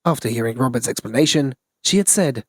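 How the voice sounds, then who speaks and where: A man reading scripted news narration in an even, read-aloud delivery. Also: medium pitch, a little fast, slightly rough, no room sound.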